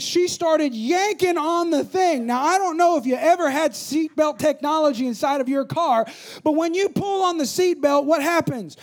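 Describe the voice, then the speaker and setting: A man preaching a sermon to a congregation, telling funny stories and acting out voices in an animated way. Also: very high-pitched. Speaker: pastor. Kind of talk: sermon with storytelling.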